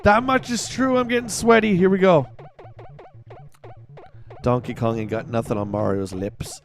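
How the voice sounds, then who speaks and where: A man giving excitable live commentary while playing a game, yelling and groaning at it. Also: on the high side, moderate pace, faint music behind. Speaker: livestreamer.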